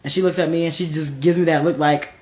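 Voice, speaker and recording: Young male street-style preacher, slightly raised pitch, hammering repetitions, loose informal delivery. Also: fairly even intonation, fast talker. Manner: emphatic and repetitive, restarting phrases. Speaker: preacher on a live stream. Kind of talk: informal preaching to a live stream.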